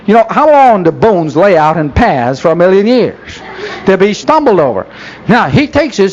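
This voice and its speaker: A man's voice: high-pitched, muffled recording. A man giving a folksy, sarcastic church lecture, full of rhetorical questions, on an old 1970s tape. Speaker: speaker.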